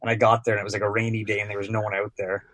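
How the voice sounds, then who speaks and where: A man's voice: lowish voice, flat delivery, very fast, a bit bright, dry recording. A sports broadcaster guest, a man in his thirties, telling casual stories on a podcast, rambling with lots of filler words.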